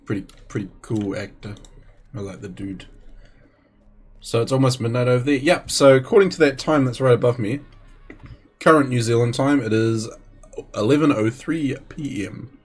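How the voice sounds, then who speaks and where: A man's voice: mid-range voice, moderate pace, long pauses, slightly rough. A man streaming a game live, chatting casually with viewers between moves and chuckling now and then. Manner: chatty, chuckles, talks to viewers while playing.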